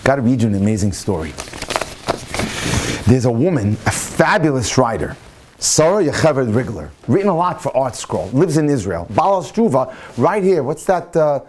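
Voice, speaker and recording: A man, a rabbi, telling a story in a sermon, animated and swinging into excited quoted voices. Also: medium pitch, normal speed, slight background noise. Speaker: rabbi lecturer.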